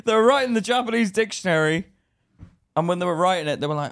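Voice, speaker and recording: High, lively man. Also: quick pace, vocal fry. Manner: teasing, blunt, swears freely. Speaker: podcast co-host. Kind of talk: casual chat.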